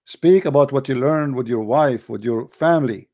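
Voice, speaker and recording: An online commentator speaks directly to the camera with earnest urgency, using plain non-native English and sometimes repeating words while searching for them. His voice is medium-pitched with a darkish tone, at a moderate pace.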